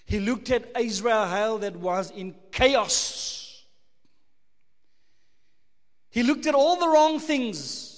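South african preacher, high voice, emphatic sermon, big echoey church hall. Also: male voice, animated, extremely slow, pauses often. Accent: South African English. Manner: emphatic, rhetorical questions, shifts between loud and hushed.

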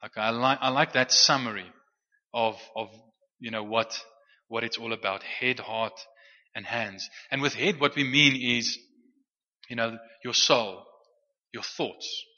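Male preacher, very bright tone, casual teaching delivery full of restarts, muffled hall recording. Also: medium pitch, a little slow. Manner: conversational with frequent restarts and stammered repeats. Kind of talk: sermon teaching. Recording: muffled sound with long hall reverb.

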